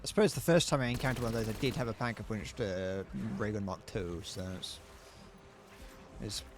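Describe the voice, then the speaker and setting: A man's voice: lowish voice, animated, fairly quick, noisy background. A British man casually talking through a game as he plays, thinking aloud and humming little tunes. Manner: chatty, thinks aloud, hums tunes while playing. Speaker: streamer. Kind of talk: live gameplay commentary.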